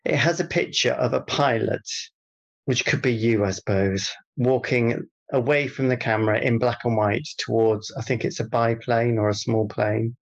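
A man's voice: mid-range voice, steady tone, normal speed, gravelly, highs cut off. A man co-hosting a comedy podcast, bantering in a dry, teasing way. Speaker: podcast co-host.

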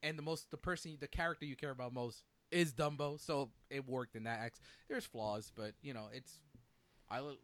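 A man's voice: medium pitch, moderate pace, a bit bright, no room sound. A young man hosting a casual movie chat, rambling and interrupting himself. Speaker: podcast host.

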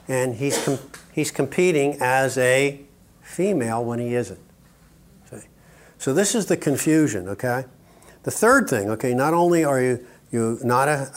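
An older man delivering a sermon-style teaching talk in a mid-range voice. He drives his points home emphatically, breaks off for joking asides, and keeps asking "okay?" to check that his audience is with him. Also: medium pitch. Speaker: conference speaker.

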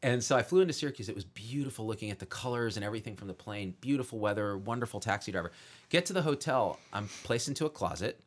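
A man being interviewed as a guest, telling funny stories in an animated, jokey way and laughing along. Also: lowish voice, quick pace. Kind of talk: comedic storytelling in an interview.

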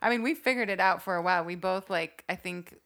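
A young woman co-hosting a casual chat, talking in a relaxed way with lots of "like.". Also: on the low side, fast, creaky. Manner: relaxed, heavy use of "like". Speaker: podcast co-host.

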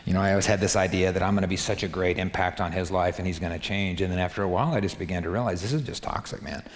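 A man's voice: low-pitched, steady tone, very fast, a little hiss or hum. Emphatic male pastor in a reverberant hall. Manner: emphatic, repetitive, talks straight to the congregation. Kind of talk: sermon. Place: large hall before a live congregation.

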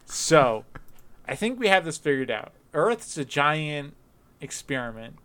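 A man chatting casually on a podcast, his voice smooth and resonant. He rambles through half-formed ideas with lots of fillers and restarts, and he perks up and laughs easily. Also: fairly high pitch. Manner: rambling, halting, many fillers; laughs often, animated when joking. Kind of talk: casual chat.

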